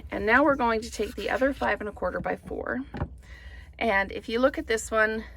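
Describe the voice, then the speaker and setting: Chatty woman with a gravelly voice. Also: on the high side, normal speed, fairly bright tone, slight background noise. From Canada. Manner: chatty, thinks aloud while crafting. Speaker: papercraft demonstrator. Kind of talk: casual card-making tutorial.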